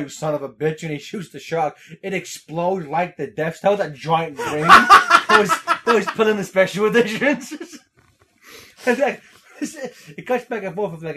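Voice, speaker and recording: A man with a high, lively voice talking casually as a podcast co-host. He swings his pitch a lot and breaks into quoted lines and laughter as he goes. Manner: laughing often, acts out quotes. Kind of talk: casual chat.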